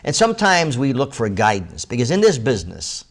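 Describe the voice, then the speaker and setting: A man's voice: mid-range voice, huge pitch swings, a little fast. A man hosting a talk show, speaking conversationally with frequent halts and repeated words. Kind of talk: interview conversation.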